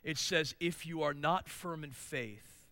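A male pastor preaching a sermon, swinging between loud emphatic declarations and hushed asides. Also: fairly high pitch, slow, dry recording.

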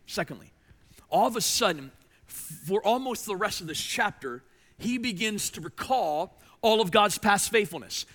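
A male pastor delivers a sermon in a high, bright voice. He preaches with emphasis, rising loud and dropping to a hush, repeating words when he presses a point.

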